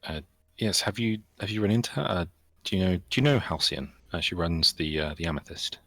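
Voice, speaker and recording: A man playing a tabletop game, speaking hesitantly and politely in character with many pauses. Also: sits low, pushed and bright, dry recording. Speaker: player.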